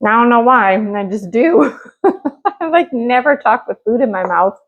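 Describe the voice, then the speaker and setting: A woman's voice: on the high side, animated, measured pace, phone-quality sound. A middle-aged woman hosting her own home cooking vlog, talking in a rambling, chatty way with many fillers while she cooks. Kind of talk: casual cooking chat.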